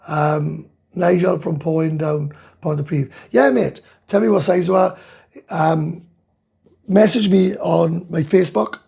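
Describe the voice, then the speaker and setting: A man's voice: on the high side, slow, a little mellow. A middle-aged Welsh man hosting a casual live chat, reading viewer comments aloud and answering in a blunt, sweary, ranting way. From Wales. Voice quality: gravelly, very husky. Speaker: livestream host reading chat.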